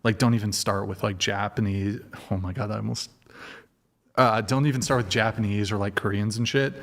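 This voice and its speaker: Low-voiced guy hosting a dating debate, crude jokes, keeps cutting himself off. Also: fairly even intonation. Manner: crude, joking, quick restarts. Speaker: host. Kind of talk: provocative panel chat.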